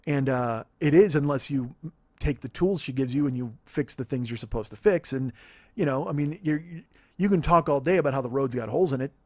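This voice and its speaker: This is a forties-aged male podcast host delivering a casual, rambling comedic rant full of profanity and self-deprecation. He has a mid-range, slightly mellow voice and a brisk pace, recorded dry and close to the mic without echo.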